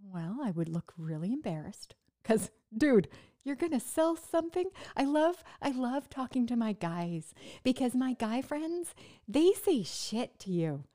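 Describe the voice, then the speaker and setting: A woman talking casually to her listeners, speaking haltingly with word-finding pauses, restarts and self-mocking laughs. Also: on the high side, very animated, warm tone. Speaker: podcast host recovering from brain injury. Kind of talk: casual personal monologue.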